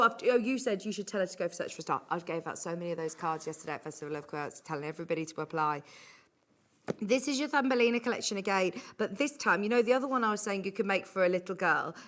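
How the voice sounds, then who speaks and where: A woman presenting a live shopping show, chatty and gushing as she reads out viewer messages. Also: medium pitch. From England. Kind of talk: live sales chat. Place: TV studio.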